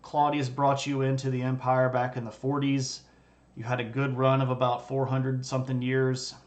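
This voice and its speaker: A mid-range, monotone male voice with a darkish tone, at normal speed, hosts a livestream from a streaming setup. This history streamer gives a casual, jokey lecture and banters conversationally with viewers' chat.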